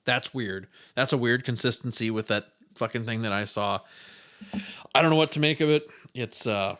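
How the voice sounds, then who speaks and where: Here a solo podcast host from the American Midwest rambles through his stories, dropping casual curses. He talks at a normal speed with a medium-pitched, slightly bright voice.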